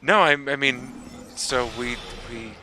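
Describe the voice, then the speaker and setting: A man's voice: medium pitch, takes it slowly, sharp tone. A man chatting casually as a guest on a gaming video, rambling and often chuckling. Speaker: podcast guest. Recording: noisy voice-chat recording.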